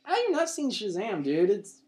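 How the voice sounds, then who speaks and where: A man's voice: very high voice, expressive, a little fast. Rambling young man telling a story. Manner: rambling, laughing, heavy filler words. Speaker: podcast co-host. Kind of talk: casual podcast chat.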